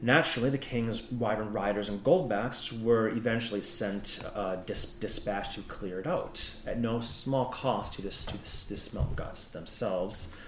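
Low-voiced man game master in echoey room. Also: measured pace, few pauses, a little hiss or hum. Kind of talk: narrating a tabletop game.

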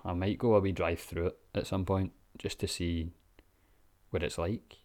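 Scottish man, very deep voice, laid-back, sweary, lots of ums and chuckles, casual vlog chat. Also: fairly even intonation, normal speed, darkish tone. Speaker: vlogger. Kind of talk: casual reaction commentary.

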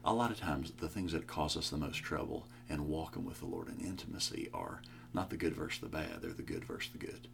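A young man as a podcast guest, talking about faith in a casual chat, with animated, joking storytelling. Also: a bass voice, brisk, vocal fry, background noise. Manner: animated storytelling, jokey asides.

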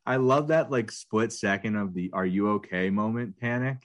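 A man's voice: fairly low pitch, moderate pace. A man co-hosting a podcast in casual chat, laughing often and rambling through his stories with restarts. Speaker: podcast co-host.

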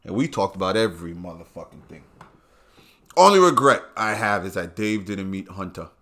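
In a low, bright voice with a forceful, expressive delivery at a moderate pace, a man from Brooklyn with a New York accent hosts his own podcast. His casual monologue is blunt, profane storytelling, with swearing that flows freely.

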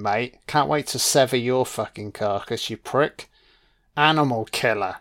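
A man's voice: medium pitch, lively intonation, unhurried, fairly bright tone. A man giving casual watch-along film commentary, swearing freely and talking back at the screen. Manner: profane, reactive, talks back at the screen.

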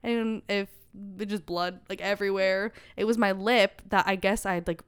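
A young adult woman, a podcast guest, chatting casually and telling animated stories full of "like.". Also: medium pitch, normal speed, clean tone. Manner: animated storyteller, heavy use of "like". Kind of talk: casual chat.

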